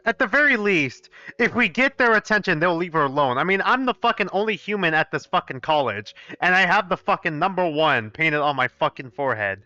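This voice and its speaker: A young man streaming his first playthrough of a visual novel, reading the text aloud and commenting to chat in an animated, profane way. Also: sits high, brisk, hardly any pauses, no echo, highs cut off. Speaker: gaming streamer. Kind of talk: live let's play, reading aloud and commenting.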